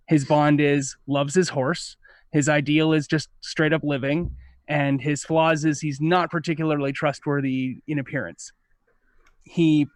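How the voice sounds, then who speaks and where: A man's voice: fairly high pitch, no echo. A man who is a player in a tabletop game, eagerly rambling through a description of his character over a video call. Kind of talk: casual chat about a game character. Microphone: headphones on a video call.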